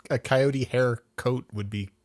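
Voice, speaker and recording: A man's voice: mid-range voice, fairly even intonation, measured pace, darkish tone. Easygoing man with dry asides. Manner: easygoing, dry asides, frequent "right" and "yeah" backchannels. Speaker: podcast co-host. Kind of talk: casual chat.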